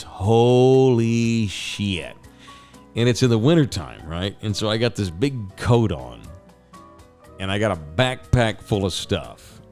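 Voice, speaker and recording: Deep-voiced man, profane storyteller. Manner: profane, rambling, animated retelling with sound effects. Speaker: host telling stories. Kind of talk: casual storytelling monologue.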